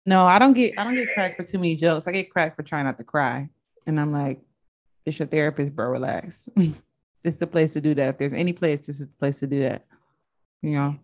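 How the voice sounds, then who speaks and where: A woman's voice: low-pitched, fairly quick. A woman co-hosting a podcast in casual chat, candid, blunt and a bit profane. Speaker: podcast co-host.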